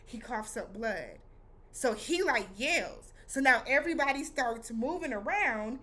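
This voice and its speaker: A woman hosting a casual recap vlog, speaking in an animated, slangy way and acting out her own reactions. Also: on the high side, measured pace. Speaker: vlog host reviewing a TV episode.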